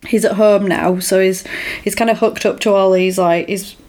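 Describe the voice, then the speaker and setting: Podcast co-host, female, animated storyteller who laughs easily. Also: medium pitch, moderate pace. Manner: chatty, laughs a lot, acts out lines. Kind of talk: casual chat recapping a film.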